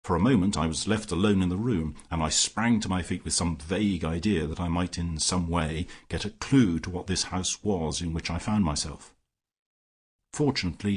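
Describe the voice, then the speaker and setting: A man narrating a classic detective story in the first person, measured and even. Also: low voice, slightly rough. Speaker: audiobook narrator.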